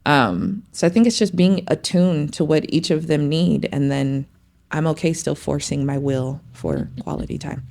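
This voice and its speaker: Gravelly lower-voiced mom, middle-aged, chatty podcast storyteller doing her kids' voices. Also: moderate pace. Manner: animated storytelling, acts out her kids' lines. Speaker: podcast co-host, mother. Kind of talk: casual chat.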